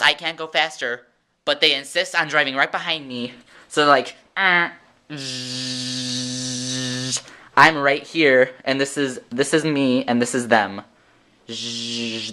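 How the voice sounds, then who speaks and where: A man's voice: medium pitch, steady tone, normal speed, bright, forceful tone. A teenage boy ranting in a sarcastic, exasperated vlog monologue at home. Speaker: vlogger.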